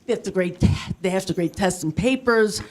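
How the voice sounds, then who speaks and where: A woman doing stand-up comedy on a studio stage. She sets up each joke in a plain, even tone and lands self-mocking punchlines with a straight face. Her voice sits at an ordinary middle pitch. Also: a little fast. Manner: self-deprecating deadpan punchlines. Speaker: stand-up comic. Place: TV studio with live audience.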